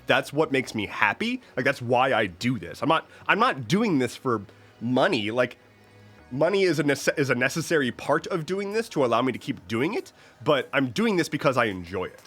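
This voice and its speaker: A young man with a deep voice, getting over an illness, chatting casually as a livestream host and reading out viewer comments, rambling with many restarts and fillers. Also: very animated, moderate pace, fairly bright tone, slightly rough, soft background music. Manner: rambling, self-interrupting, lots of "like" and restarts.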